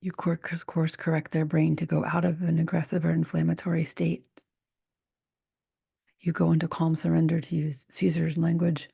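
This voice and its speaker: Woman host, warm low tone, flat delivery, soft half-whispered reflective monologue. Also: moderate pace, vocal fry, husky, no echo, clean studio sound. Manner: soft, often half-whispered, musing with restarts. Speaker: podcast host. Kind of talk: reflective solo podcast talk.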